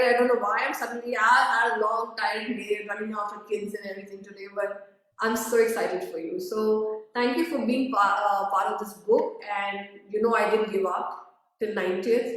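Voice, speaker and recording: Effusive woman host, echoey and distant. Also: medium pitch. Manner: effusive, emotional, repeats herself. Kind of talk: live video interview. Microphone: video call. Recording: echoey room, far from the mic.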